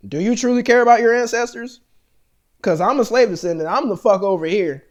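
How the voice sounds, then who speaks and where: A man's voice: extremely high pitch, fairly quick. An American man vlogging in a rambling, profane monologue, full of fillers and restarts. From United States.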